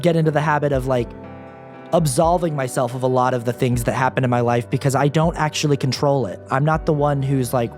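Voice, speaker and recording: A man's voice: medium pitch, darkish tone. Earnest self-deprecating young man. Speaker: guest. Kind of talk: candid personal interview talk.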